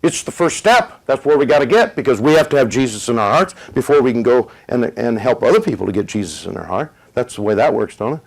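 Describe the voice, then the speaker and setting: Very animated and creaky, a middle-aged preacher shares a testimony from the pulpit, letting dramatic pauses hang before raising his voice for emphasis. His pitch is ordinary middle range for a man, and the audio is poor.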